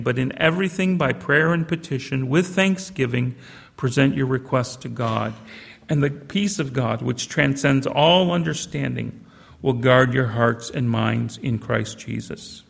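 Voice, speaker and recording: An old man preaching a sermon, reading scripture in a measured way and breaking into conversational asides. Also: medium pitch, creaky, in a large hall. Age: older. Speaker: pastor.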